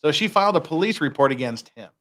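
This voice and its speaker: Guy hosting a legal podcast, reading court docs with jokey asides, lively up and down pitch, bright voice. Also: fast. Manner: wry, reads documents aloud with jokey asides. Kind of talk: casual legal commentary.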